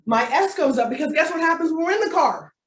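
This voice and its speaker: A woman giving a live workshop as a coach, animated and playful, with comic asides to her audience. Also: sits high, fast. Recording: echoey room, distant mic.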